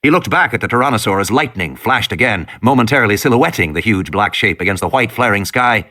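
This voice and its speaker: A man's voice: on the low side, lively intonation, quick pace, hardly any pauses, sharp tone. Dramatic male audiobook narrator. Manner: dramatic, rises and falls with the tension. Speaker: audiobook reader.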